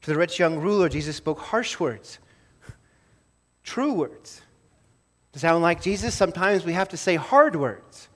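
A man's voice: expressive, measured pace, pauses often. Man preaching an earnest sermon. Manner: earnest preaching, rising to emphatic then dropping low and soft. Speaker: pastor.

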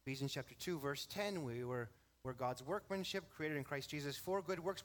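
A man's voice: fairly high pitch, normal speed. A man preaching a sermon to his congregation, explaining a Bible verse with emphatic stress and shifting pace. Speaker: pastor.

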